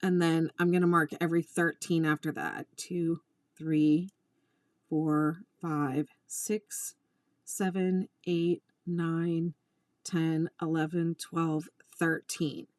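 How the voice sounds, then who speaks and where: A woman teaching crochet in a casual tutorial, chatting with exasperated asides and quietly counting her stitches. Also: low-pitched, level tone, slow, no room sound.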